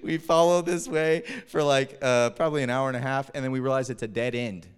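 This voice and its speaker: A man preaching, telling a personal story with animated energy and frequent chuckles. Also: mid-range voice, fairly quick, few pauses, clear, resonant tone. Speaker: pastor. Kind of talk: storytelling sermon. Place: church hall. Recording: reverberant hall.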